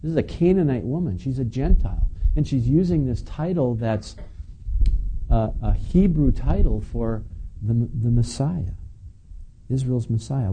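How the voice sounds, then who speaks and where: A man's voice: medium pitch, animated, measured pace, long pauses, warm tone, breathy edge, poor audio. A man preaching a conversational sermon, reading scripture and adding casual asides to his listeners. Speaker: pastor. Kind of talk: sermon teaching.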